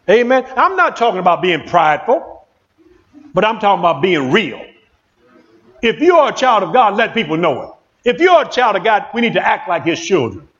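A male pastor preaching a sermon in an excitable call-and-response manner, in a church. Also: sits high, dull audio.

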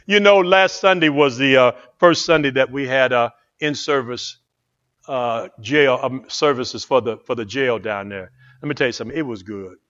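A man preaching a fervent sermon as pastor, swinging from hushed asides to loud exclamations. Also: medium pitch, unhurried, dull audio.

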